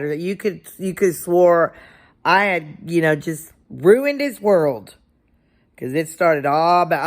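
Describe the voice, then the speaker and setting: A woman, a substitute teacher, casually telling a story from her classroom and acting out what she and a child said. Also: sits low.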